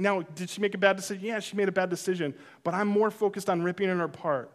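A man's voice: high voice, fast. A man preaching a sermon, telling a personal story and acting out his own reactions. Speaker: pastor.

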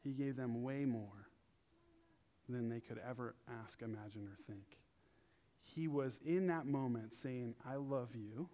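A young man preaching in a casual, animated way, acting out quotes in funny high voices. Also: unhurried. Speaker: pastor. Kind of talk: casual sermon.

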